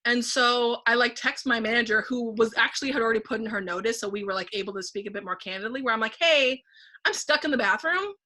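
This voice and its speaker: A woman guest in a casual podcast conversation, telling a personal story in an animated way and acting out her own thoughts aloud, with frequent "like". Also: a little high, fast talker, hardly any pauses. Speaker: podcast guest, painting facilitator.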